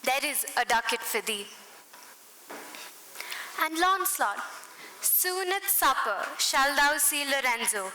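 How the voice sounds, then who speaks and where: A young woman playing a gentle young daughter. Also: sits high, lively intonation, takes it slowly, long pauses, exaggerated voice. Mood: earnest. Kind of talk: stage play acting. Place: large school hall, stage. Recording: echoey hall, faint hiss.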